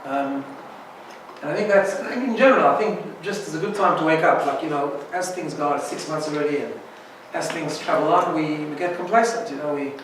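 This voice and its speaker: A man's voice: fairly high pitch, fairly quick, fairly bright tone, very echoey, far from the mic, a little hiss or hum, low-quality recording. A man teaching an informal Torah class as a rabbi, chatty and often checking in with "right?". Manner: chatty, keeps asking "right?".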